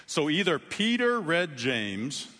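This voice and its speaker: A man preaching a sermon in a conversational way, with sudden emphatic rises in pitch. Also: sing-song, takes it slowly, bright, forceful tone, long reverb tail. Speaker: pastor.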